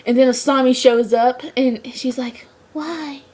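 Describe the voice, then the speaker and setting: A woman giving a casual episode review, rambling and excitable, with lots of "like" fillers. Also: a little high, normal speed. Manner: rambling, excitable fan talk with many "like" fillers. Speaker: show reviewer.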